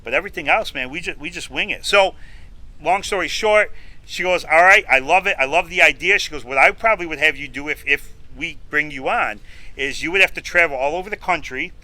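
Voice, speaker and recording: Bright-voiced storytelling man. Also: fairly high pitch, a little fast, low-quality recording. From upstate New York. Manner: animated storyteller acting out both sides of conversations. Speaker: podcast guest, food show host. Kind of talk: casual storytelling interview.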